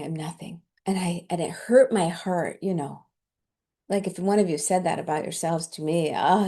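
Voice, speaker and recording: Emotional woman with a mellow voice. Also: on the low side. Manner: emotional, laughs often, quotes others in her story. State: tearful. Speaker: host. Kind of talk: heartfelt storytelling talk.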